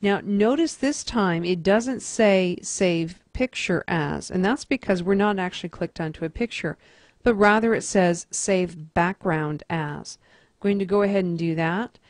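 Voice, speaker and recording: A woman teacher calmly talking through a computer task step by step in a screen-recorded tutorial. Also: on the low side, measured pace, no room sound, studio quality. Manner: methodical, step-by-step instruction.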